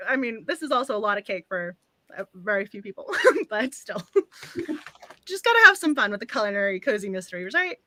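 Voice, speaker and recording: A woman hosting a cozy book club livestream, gushing and excitable, laughing often. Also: medium pitch, fairly quick. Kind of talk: casual livestream chat.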